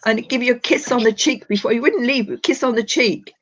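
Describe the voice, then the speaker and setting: A woman's voice: a little high, fast, a bit bright. An older woman working as a psychic medium on a live stream, talking with affection and calling people darling and sweetheart. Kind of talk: live-stream reading and chat. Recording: dull lo-fi live stream audio.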